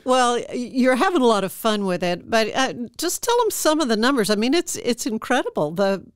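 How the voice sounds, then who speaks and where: A woman's voice: a little high, very animated, brisk, clean tone, no echo, studio quality. A woman hosting an interview, encouraging her guest with prompts and short replies. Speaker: podcast host. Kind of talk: casual interview chat.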